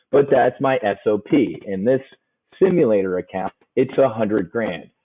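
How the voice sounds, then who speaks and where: A man's voice: lowish voice, slightly rough, narrow, tinny audio. A man giving a casual options trading lesson, folksy and joking, hammering points home with repetition.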